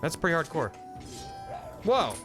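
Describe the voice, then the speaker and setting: A man commentates his gameplay casually, full of wisecracks and the odd curse. His voice sits high and swings up and down freely. Game music runs under his talk. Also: sing-song, unhurried. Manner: joking, sarcastic asides, swearing. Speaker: streamer.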